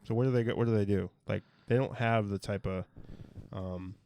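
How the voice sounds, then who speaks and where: A man's voice: on the low side, fairly even intonation, moderate pace, gravelly, dark tone, slight background noise. A man co-hosting a casual sports podcast from a home studio, rambling and often trailing off mid-sentence to restart. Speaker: podcast co-host.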